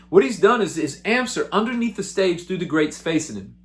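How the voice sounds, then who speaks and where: Excitable, chatty male musician. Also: sits high, moderate pace, hardly any pauses. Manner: excitable, animated, loose and chatty. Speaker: musician and show host. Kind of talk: casual storytelling to camera.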